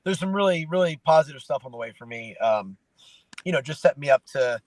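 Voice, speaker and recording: In a casual interview, a man in his late twenties who's a guest fighter relaxedly tells easygoing stories, using fillers. His voice is mid-range and fairly quick, and the recording is rough, with no room sound.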